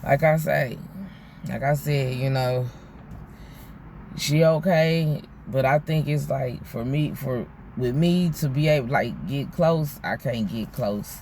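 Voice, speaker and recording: Male vlogger, mid-pitched, loose profane storyteller, faint background hiss. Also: slow, a little mellow. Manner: rambling, slangy, frequent "you know what I'm saying"; profane, candid. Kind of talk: casual storytime monologue.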